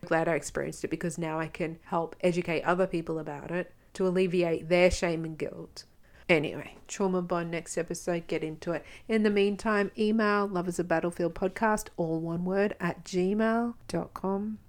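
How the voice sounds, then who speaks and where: An Australian woman hosts a solo podcast in a loose, chatty way, frank and unfiltered. Her voice sits fairly low, with a gravelly fry running through it. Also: steady tone, normal speed. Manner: chatty, frank, swears freely. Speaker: podcast host. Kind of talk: casual solo podcast talk.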